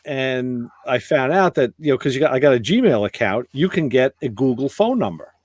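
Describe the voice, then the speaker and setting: This podcast host speaks in a mid-range voice at a moderate pace, captured in a dry recording. He's animated, telling stories casually and performing the other people's dialogue in voices.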